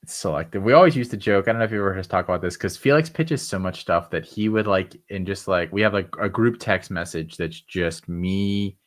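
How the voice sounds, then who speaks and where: A man with a very deep voice, chatting on a sports podcast. He talks freely and offers suggestions, his sentences full of fillers and restarts. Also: brisk, few pauses. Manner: talkative, giving advice, lots of fillers. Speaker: podcast co-host. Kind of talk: casual chat.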